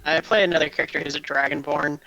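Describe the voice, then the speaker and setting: A man's voice: on the high side, fairly even intonation, fast talker, creaky, highs cut off, over music. A man explaining his character choices in a self-deprecating, casual way. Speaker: guest player. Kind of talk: casual podcast chat.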